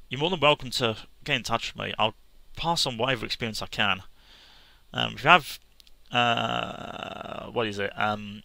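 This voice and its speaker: A man talking sincerely to camera as a gaming vlogger, halting with restarts and fillers. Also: mid-range voice, gravelly, sharp tone, dry recording. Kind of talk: casual earnest talk to camera.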